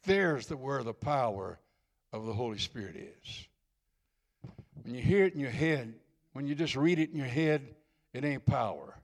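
A man's voice: medium pitch, animated, normal speed, pauses often. An older man preaching a sermon in church, folksy and earnest, repeating phrases for emphasis as he ministers to people. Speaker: visiting preacher.

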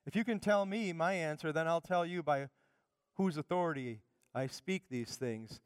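A firm, commanding teacher, as a male preacher acts him out, a little raised in pitch and volume, with a smooth, clear tone. The sound is close and dry. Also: moderate pace, no room sound, lightly acted. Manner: firm and assured.

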